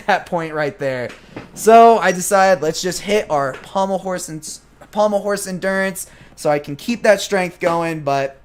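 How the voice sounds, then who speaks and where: Young male gymnast vlogger, high-pitched voice, casual and animated, replays his own remarks as he talks. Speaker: gymnast vlogger answering viewer questions. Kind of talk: casual vlog commentary over training footage.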